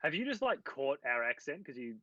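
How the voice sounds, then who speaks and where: A woman's voice: low voice, sing-song, brisk, sharp tone, distant mic, lo-fi sound. A woman chatting casually on a video call, teasing and playful. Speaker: stream co-host.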